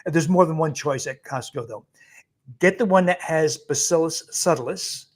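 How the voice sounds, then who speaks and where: In a live Q&A, a guest doctor, male and a little high in pitch, responds to viewer questions. He speaks briskly and emphatically, chuckling frequently as he bluntly rejects bad advice.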